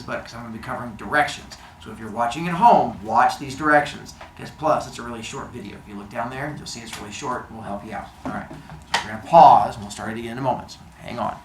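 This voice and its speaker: A man's voice: medium pitch, a little hiss or hum. A man teaching a class, giving quiz instructions in a playful, jokey way with silly made-up words. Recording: echoey classroom, faint ambience.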